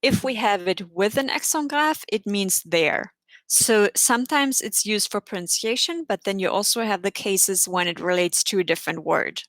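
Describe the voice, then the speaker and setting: A woman's voice: medium pitch, moderate pace, a bit bright, dry recording. A woman teaching French pronunciation in an online class, explaining each rule patiently and spelling words out.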